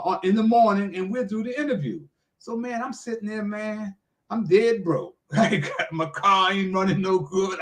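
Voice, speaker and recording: A man's voice: sits high, a bit bright. An older American man, a sports radio personality, telling a folksy story and acting out the quotes, saying "man" often. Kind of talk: animated storytelling.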